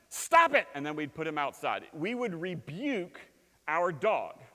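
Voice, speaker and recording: A man in his thirties preaching a sermon in a church, telling stories with lively swings from loud bursts to hushed lines. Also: a little high. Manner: animated storytelling, shouting quoted lines, dropping to quiet. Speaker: pastor. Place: church sanctuary. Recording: long hall reverb.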